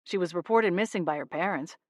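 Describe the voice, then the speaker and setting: An easygoing young investigator who shrugs off rules and turns gruff on the phone, played by a woman narrator. The voice sits a touch lower than her own, calm and unhurried. Dry, close reading with no room sound. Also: no echo, natural voice. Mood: businesslike. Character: laid-back young man, a rule-dodging investigator.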